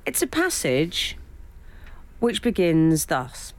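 A woman co-hosts a radio show from a studio, speaking into a studio mic. Her pitch moves widely and expressively. She teases and throws out quick comebacks in casual banter. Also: huge pitch swings. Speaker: radio co-host. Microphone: studio microphone.

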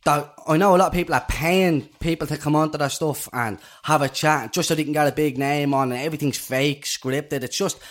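An Irish man co-hosting a podcast, telling stories in a casual chat that get animated and loud when he is excited. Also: fairly high pitch, a little fast, hardly any pauses. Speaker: podcast co-host.

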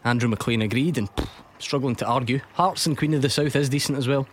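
A Scottish man hosting a football radio show, trading jokes and reading out scores in a studio. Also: medium pitch. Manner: jokey, quick to laugh. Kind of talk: casual studio chat and score updates. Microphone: studio microphone.

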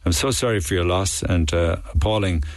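A man hosting a radio phone-in, talking in a sympathetic, measured way. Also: low-pitched, dry recording.

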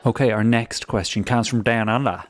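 A man's voice: medium pitch, moderate pace, over music. A man hosting a casual podcast, reading out listener emails in a jokey, easygoing way. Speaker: podcast host.

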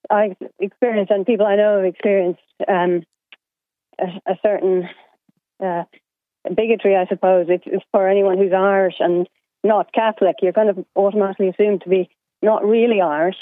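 A woman calls into a radio show over a thin, tinny phone line. Her voice sits at a middle pitch, and she speaks hesitantly, pausing to search for words. The sound is dry, with no room echo. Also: fairly even intonation. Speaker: caller. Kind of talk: radio call-in opinion.

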